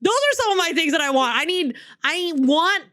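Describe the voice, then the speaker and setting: A woman's voice: very high-pitched, very animated, moderate pace, pushed and bright. A young woman co-hosting a podcast, chatting casually about a book, laughing often and swearing freely. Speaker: podcast co-host. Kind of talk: casual book-club chat.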